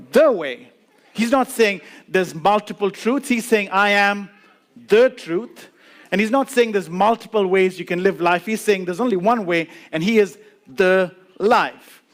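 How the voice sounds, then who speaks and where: A man with a fairly high voice preaches to his congregation as lead pastor. He drives his points home by repeating words and pausing for weight. Now and then he slips into quick imitations of skeptics before returning to his steady sermon. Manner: emphatic, repeats key words with dramatic pauses; acts out quoted voices of doubters.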